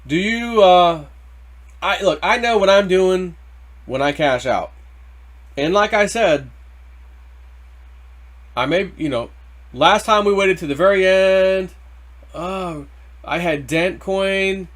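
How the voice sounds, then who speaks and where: A man hosting a casual crypto video, rambling through price talk in loose slang and getting worked up over the numbers. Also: sits high. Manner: rambling, excitable, quick to get worked up over price ticks. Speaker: crypto channel host. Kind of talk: casual market commentary.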